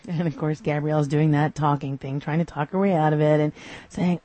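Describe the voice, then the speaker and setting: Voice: medium pitch, fairly even intonation, a little fast, dark tone, no room sound. A podcast host recapping TV episodes in a casual, amused way, often acting out the characters' lines.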